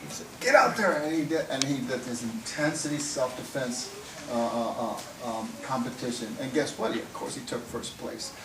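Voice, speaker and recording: A man giving a tribute speech at a ceremony, talking in a halting way with many restarts. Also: medium pitch, fairly even intonation. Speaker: martial arts colleague giving a tribute. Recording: echoey room, far off, noisy.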